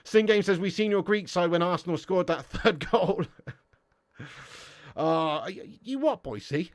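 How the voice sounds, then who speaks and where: A man's voice: high-pitched, animated, measured pace, no room sound, clean studio sound. A young English man hosting a football live stream, reading chat messages and bantering with viewers in a slangy, swearing, laugh-filled way. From England.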